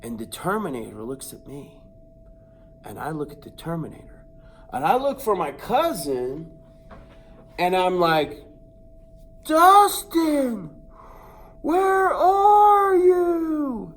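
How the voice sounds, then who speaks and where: A man's voice: fairly high pitch, a little slow, long pauses, breathy edge. A man telling a comic personal anecdote, acting out sounds and voices and building suspense. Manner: animated, acts out sounds and voices. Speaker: storyteller.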